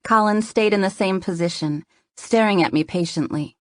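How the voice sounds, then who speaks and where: A woman narrating a first-person romance novel in a soft, intimate reading. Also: mid-range voice, moderate pace, dry recording, studio quality. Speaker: audiobook narrator.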